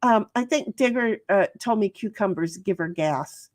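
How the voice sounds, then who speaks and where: A woman's voice: medium pitch, expressive, moderate pace, darkish tone, dry recording, studio quality. A woman hosting a casual livestream, chatting with her viewers in a rambling, profane way full of restarts. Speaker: livestream host reading chat.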